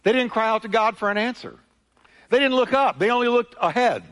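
A male pastor preaching a sermon with emphatic, repetitive delivery, swinging between loud peaks and quieter asides. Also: very high voice, fairly quick, a little hiss or hum. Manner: emphatic preaching, repeating phrases with rising and falling intensity. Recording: long church hall reverb.

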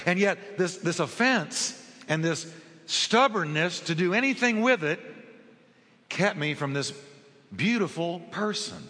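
Bright-toned preacher man in a reverberant hall. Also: fairly high pitch. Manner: storytelling, acts out quoted dialogue. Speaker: pastor. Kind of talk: sermon.

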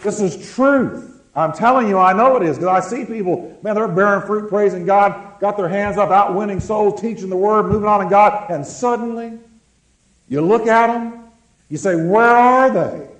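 A man preaching a sermon, calling on the congregation to answer and slowing down to stress words. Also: sits high, reverberant, rough recording. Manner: preaching with call-and-response, slowing words for emphasis. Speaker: pastor.

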